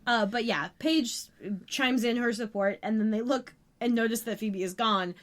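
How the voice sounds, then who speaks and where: A woman co-hosting a podcast, chatting casually as she recaps scenes of a TV episode with quick asides. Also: on the high side, fairly bright tone. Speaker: podcast co-host.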